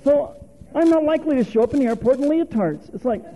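A man's voice: very high-pitched, animated, fast talker, mellow, slight background noise, rough recording. A male preacher giving a folksy, conversational sermon, quizzing the congregation and chuckling often.

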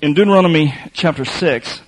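A man preaching a sermon, telling a lively story with laughs and then reading scripture slowly and quietly. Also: a little high, poor audio.

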